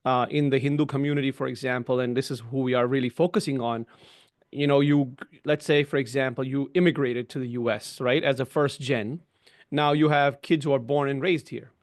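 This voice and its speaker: A man's voice: medium pitch, fairly even intonation, a little fast. A middle-aged man on a video call giving an explanatory webinar talk, often tagging "right?" and "you know". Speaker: webinar guest. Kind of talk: conversational webinar discussion.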